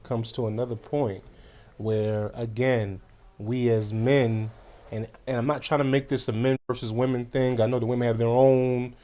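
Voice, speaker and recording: A man's voice: medium pitch, flat delivery, moderate pace, dark tone. A man in a casual podcast conversation, speaking reflectively with a few hesitations as he makes his points. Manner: reflective, hesitant, frequent "you know" and "um".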